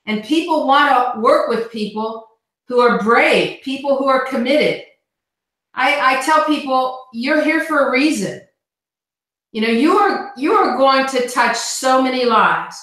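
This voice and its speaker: Bright echoey woman, motivational. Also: fairly high pitch. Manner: earnest, repeats words when starting. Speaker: guest speaker on team call. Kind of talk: motivational talk. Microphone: video call. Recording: echoey call line.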